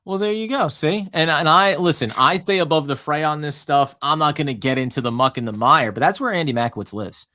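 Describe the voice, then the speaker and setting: Bright-voiced man co-hosting a sports podcast. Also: a little high, fairly quick, few pauses. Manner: animated, laughing, acts out quotes. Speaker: podcast co-host. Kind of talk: casual sports chat.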